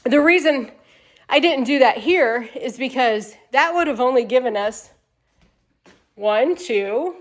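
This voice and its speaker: Inside a manufactured home, a woman in home sales leads a walkthrough tour, talking straight to viewers in a chatty, upbeat way despite being tired at the end of a long day. Her voice is high, expressive, and slow.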